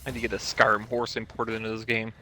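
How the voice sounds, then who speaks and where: A man's voice: fairly low pitch, monotone, fast, sharp tone, soft background music. A man chatting casually with a friend while they play a game together, laid-back and matter-of-fact. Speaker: co-player on a game stream. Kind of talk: casual gameplay chat.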